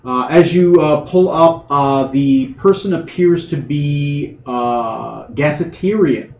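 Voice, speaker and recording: A man's voice: on the high side, takes it slowly, darkish tone, slight background noise. A man narrating a tabletop game as game master, hesitant with many fillers. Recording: echoey room.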